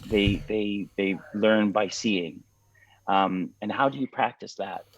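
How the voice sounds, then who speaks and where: A man's voice: on the low side, slow pace. A man of fifty hosting a casual conversation, talking earnestly with many restarts, over a video call. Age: 50s. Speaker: podcast host. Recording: dull lo-fi sound.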